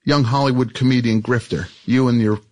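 A man's voice: mid-range voice, steady tone, a little fast, a little mellow, dry recording. A man hosting a talk show, teasing his guest and pressing him again and again to admit something, in casual joking chat. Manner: teasing, insistent, repeats himself. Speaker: host.

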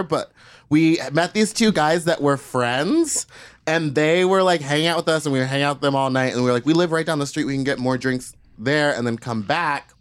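A man's voice: mid-range voice, clear, resonant tone. Man, thirties, podcast co-host, rambling profane storytelling, casual chat.

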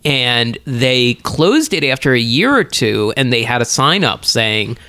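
A man's voice: mid-range voice, expressive, unhurried, bright, forceful tone, dry recording, clean studio sound. A man co-hosting a podcast, chatting casually and thinking aloud with many fillers. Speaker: podcast co-host. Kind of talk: casual chat. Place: Los Angeles area.

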